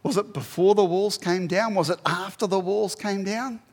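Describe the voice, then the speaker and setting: Animated New preacher with a gravelly voice. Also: male voice, sits high, moderate pace, big-room sound. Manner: animated, swings from loud emphasis to quiet asides. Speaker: pastor. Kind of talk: sermon.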